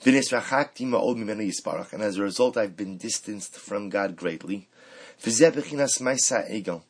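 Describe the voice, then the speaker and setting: A man teaching a Torah lesson, mixing Hebrew quotes into animated rhetorical questions. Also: on the low side, moderate pace, breathy edge, rough recording. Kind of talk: Torah class on the weekly portion.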